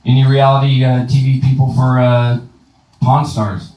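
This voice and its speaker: A man doing a stand-up comedy set in a club, delivering deadpan punchlines and casual crowd work. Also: mid-range voice, normal speed. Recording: roomy live room, distant mic, faint noise.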